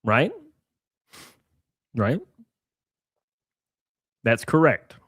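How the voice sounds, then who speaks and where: A man's voice: medium pitch, expressive, very slow, fairly bright tone, breathy edge, no room sound, clean studio sound. A man from Alabama with an Alabama Southern accent, hosting a casual livestream, reading chat and rambling with crude joking asides.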